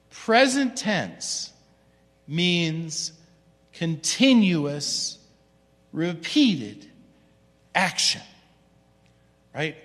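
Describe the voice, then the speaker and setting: A male pastor delivers a sermon in a church. His voice sits high and bright, and he keeps it slow and conversational, tossing in "right?" as he goes. His words ring out with a long hall reverb behind them. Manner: conversational preaching with frequent "right?" asides. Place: church sanctuary.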